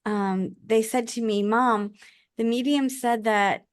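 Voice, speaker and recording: A woman's voice: a little high, a little slow, darkish tone, smooth, no echo, clean studio sound. A middle-aged woman guest speaking earnestly and from the heart in a casual interview, often restarting her sentences. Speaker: podcast guest, author and life coach.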